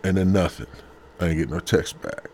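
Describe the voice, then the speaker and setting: A man's voice: low voice, moderate pace, a little mellow, breathy edge. A man hosting a podcast from his bed at home, talking casually in a rambling, profane, slangy way. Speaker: podcast host.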